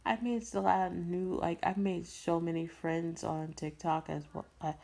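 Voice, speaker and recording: Low-pitched and warm with vocal fry, this young woman from Brooklyn, New York speaks at a moderate pace in a level tone. She makes voice impressions and tells a meandering, slangy story, repeating herself and laughing often.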